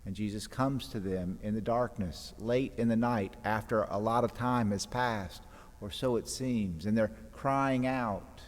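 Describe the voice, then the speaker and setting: The long reverb of a church surrounds a priest's fairly low, measured voice. In his homily he dramatically recounts the gospel story, taking on the voices within it and speaking the scripture quotes aloud.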